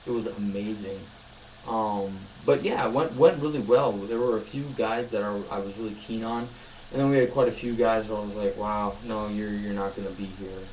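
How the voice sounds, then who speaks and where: A man's voice: lowish voice, normal speed, darkish tone, slight background noise, low-quality recording. A young man vlogging in a casual chat, telling rambling, upbeat stories full of fillers.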